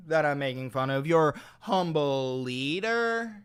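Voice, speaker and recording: A man's voice: fairly high pitch, lively intonation, takes it slowly, smooth. A man hosting a live political stream, ranting in a heated, profane and mocking way.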